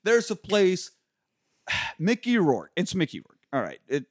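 A man's voice: high voice, measured pace, dry recording, clean studio sound. A man co-hosting a podcast in casual chat, retelling a movie with profanity, frequent laughter and acted-out lines. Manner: profane, animated, laughs often, acts out characters' lines. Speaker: podcast co-host.

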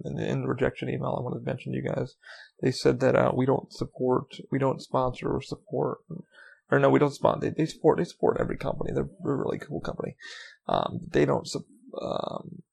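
A man's voice: medium pitch, creaky, a little mellow, husky. A man hosting his own podcast, rambling through a solo monologue, swearing constantly and speaking from the heart. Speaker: podcast host.

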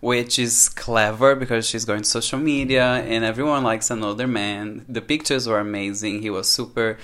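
A man guesting on a podcast in relaxed, gossipy chat, often saying "you know" and giving blunt verdicts. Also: lowish voice, moderate pace.

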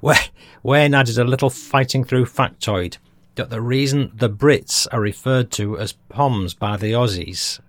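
A man's voice: mid-range voice, a little slow, no echo. A man from Britain hosting a history podcast, reading out listener feedback in a chatty way and chuckling at his own jokes. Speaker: podcast host.

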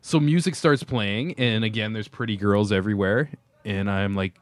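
A man's voice: fairly low pitch, normal speed, dry recording. A man hosting a casual chat show from a bar, telling upbeat stories and laughing a lot. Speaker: show host.

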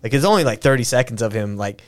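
A man's voice: medium pitch, animated, quick pace. A man hosting a podcast, talking in a loose, rambling way with restarts and fillers and plenty of swearing. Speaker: podcast host. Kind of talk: casual conversational commentary.

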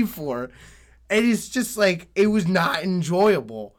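A young man telling a story in casual chat, swearing often, laughing and getting animated. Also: sits high, takes it slowly.

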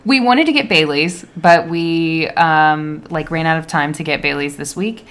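Woman podcast cohost chatting loosely, a bit low-pitched, wry sarcastic jokes. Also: a little slow, a bit bright, smooth. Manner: joking, wry, sarcastic asides. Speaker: podcast co-host. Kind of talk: casual chat.

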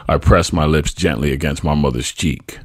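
A man reading his own memoir aloud as a podcast host, husky and tender. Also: extremely low pitch, normal speed, dry recording, studio quality. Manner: tender, reflective storytelling.

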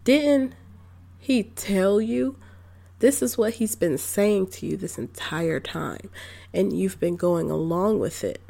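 Slow-talking, sassy young woman reviewing a film. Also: on the low side, lively intonation, vocal fry, warm tone. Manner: chatty, incredulous, sassy asides. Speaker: movie reviewer. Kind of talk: casual spoken movie review.

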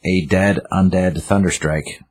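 Deep husky man recapping casually. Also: unhurried. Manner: animated, rambling, voices characters. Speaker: podcast co-host. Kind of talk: casual comic recap chat.

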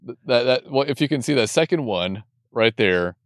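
A man's voice: medium pitch, expressive, normal speed, no room sound, studio quality. A man co-hosting a casual drink-tasting podcast, laughing often and teasing his co-host.

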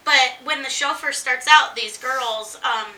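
High bright-voiced woman telling a story, echoey room, a bit off mic. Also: unhurried, distant mic. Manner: animated storyteller acting out quotes. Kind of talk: casual chat.

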